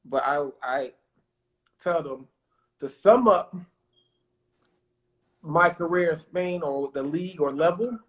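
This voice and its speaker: High-voiced man telling stories. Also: dull audio. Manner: animated, acts out quotes, confident. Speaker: podcast guest, former pro basketball player. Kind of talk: casual storytelling interview.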